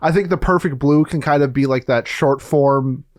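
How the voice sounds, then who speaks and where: A man co-hosting a casual anime podcast, talking in an animated, rambling way with many fillers. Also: mid-range voice, moderate pace, dry recording, studio quality. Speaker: podcast co-host. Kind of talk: casual chat.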